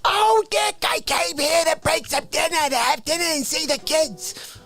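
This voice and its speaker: A man voicing a fussy, shrill old mother who nags her grown son. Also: expressive, unhurried, sharp tone, faint music behind, full character voice. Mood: scolding. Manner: high, scolding, nagging.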